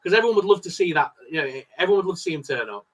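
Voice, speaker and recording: A man co-hosting a casual live stream, talking excitedly and laughing often. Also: high-pitched, very fast. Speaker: co-host.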